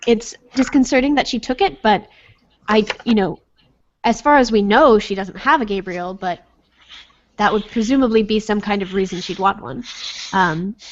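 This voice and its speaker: A woman's voice: medium pitch, dull audio, natural voice. A formal professor woman, as a game master puts her on.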